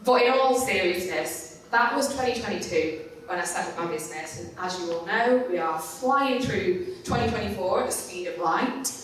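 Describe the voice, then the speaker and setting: A woman's voice: medium pitch, expressive, normal speed, a little hiss or hum. A woman giving a storytelling talk at a conference. She is candid and self-mocking and swears casually. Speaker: conference speaker. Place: conference stage in a large hall. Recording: echoey hall, mic at a distance.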